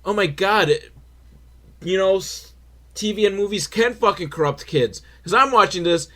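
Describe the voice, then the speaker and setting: A man's voice: high voice, normal speed, sharp tone. A man in his forties giving a sarcastic, profane, rambling commentary on an old film. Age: 40s. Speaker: film reviewer.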